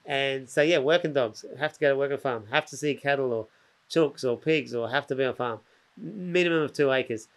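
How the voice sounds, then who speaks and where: Chatting casually as a guest on a podcast, an Australian man tells a long, loose story packed with slang, breaking off and restarting sentences. He animatedly mimics other people's voices to act out what they said, his medium-pitched voice moving a little fast.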